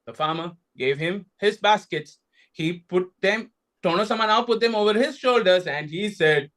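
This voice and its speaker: A man from India, telling a folktale slowly and expressively with dramatic pauses. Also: sits high, animated, a bit bright. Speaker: storyteller.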